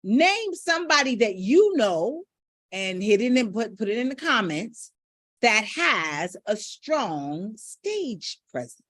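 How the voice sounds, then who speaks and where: A woman's voice: on the high side, big pitch swings, takes it slowly, fairly bright tone, no room sound, clean studio sound. A middle-aged woman vocal coach teaching public speaking in an emphatic, demonstrative way. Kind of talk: energetic teaching talk.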